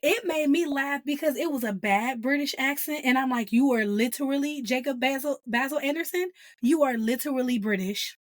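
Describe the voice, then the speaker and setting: Brief: woman, podcast host, high voice, animated casual review chat, dry close sound. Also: moderate pace, few pauses, dry recording. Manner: animated, laughing, acts out quotes.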